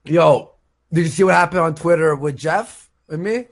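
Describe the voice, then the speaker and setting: Man, slightly high voice, rambling, casual stream host. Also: moderate pace, gravelly. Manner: rambling storytelling with fillers. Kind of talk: casual live-stream chat.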